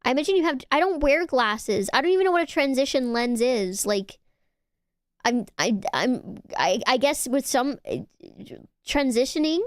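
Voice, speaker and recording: A young woman streamer in casual chat, reading messages aloud and teasing her viewers, swearing and getting excitable. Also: high-pitched, normal speed, dry recording, studio quality.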